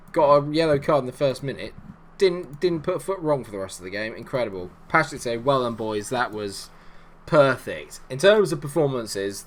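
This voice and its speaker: A man, a gaming YouTuber, commentating live on his own match in a jokey, excitable way and breaking into shouts when his side scores. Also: medium pitch, slight background noise.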